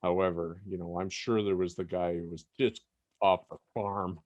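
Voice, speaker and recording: A man's voice: low voice, steady tone, normal speed, a little mellow, muffled recording. A man from Canada co-hosting a podcast, laid-back, swearing freely and laughing often. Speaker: podcast co-host. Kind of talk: casual podcast chat.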